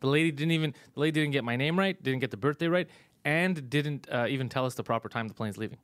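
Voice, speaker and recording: A comedy podcast host tells a frustrating story in a profane, exasperated way, laughing often as he chats. His medium-pitched, slightly bright voice moves fast, with no echo.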